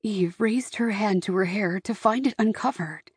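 A woman narrating an audiobook in a measured, expressive storytelling manner. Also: medium pitch, slightly rough, no echo, clean studio sound.

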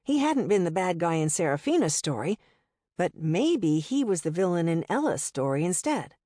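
Woman narrator, lower voice, dry close mic, first-person audiobook reading. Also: sing-song, moderate pace, warm tone, no room sound.

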